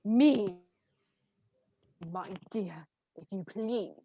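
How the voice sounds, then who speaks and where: A woman reading the part of a jovial man courting a maid, speaking in a slow, mock-gallant way. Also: mid-range voice, expressive, warm tone, breathy edge, no room sound, exaggerated voice. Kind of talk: script read-through.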